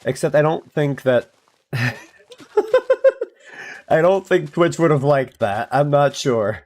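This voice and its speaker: A man's voice: on the high side, takes it slowly, a little mellow. A man streaming a game, chatting casually in a rambling, self-mocking way with playful voice bits. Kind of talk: casual chat while playing a game.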